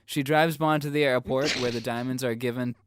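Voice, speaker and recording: A man's voice: mid-range voice, fairly even intonation, a little fast, background noise. A man co-hosting a casual film podcast, reading a plot summary aloud and bantering with friends. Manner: reads plot summaries, then jokes and banters. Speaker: podcast co-host.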